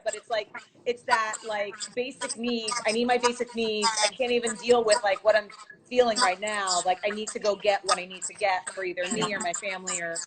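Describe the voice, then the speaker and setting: A woman's voice: mid-range voice, rough recording. A woman hosting an interview, supportive and affirming, asking long, wandering questions. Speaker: interview host.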